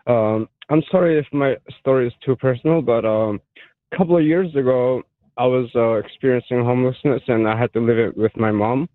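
A man calling in to a radio show, telling his story haltingly with many fillers. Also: medium pitch, no echo. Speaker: caller. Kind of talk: call-in radio chat. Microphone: phone. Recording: tinny phone line.

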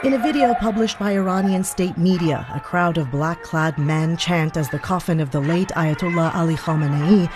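A woman foreign correspondent reading a scripted news report in a steady, even way. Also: fairly low pitch, normal speed, hardly any pauses, over loud music.

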